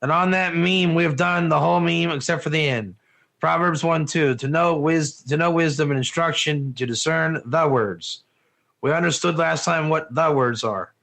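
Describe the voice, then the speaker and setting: A man teaching an online Torah class in a lively, joking way, firing questions at his students. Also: fairly high pitch, normal speed, gravelly. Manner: animated, asks the class questions, often says "one or two", laughs at own jokes.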